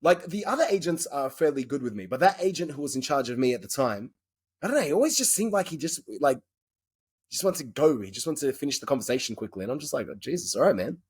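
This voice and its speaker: Husky-voiced Australian man, frank and rambling. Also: medium pitch, very animated, quick pace. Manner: rambling, frank and blunt, swears casually. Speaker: guest actor. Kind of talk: casual podcast interview chat.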